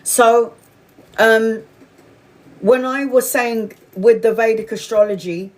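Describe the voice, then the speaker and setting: Woman, forties, tarot host, candid and sweary, animated storytelling, slightly high voice. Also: slow pace. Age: 40s. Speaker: tarot reader livestream host. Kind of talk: casual spiritual chat.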